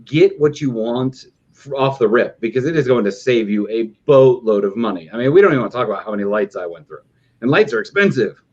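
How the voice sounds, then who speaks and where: A man's voice: mid-range voice, lively intonation, quick pace, darkish tone. Emphatic advising man, muffled sound. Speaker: aquarium hobbyist co-host. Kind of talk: casual chat.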